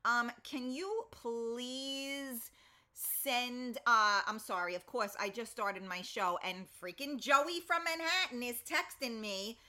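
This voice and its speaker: A woman hosting a live online talk show, chatty and lively, laughing easily as she greets listeners. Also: a little high, slow pace. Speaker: host.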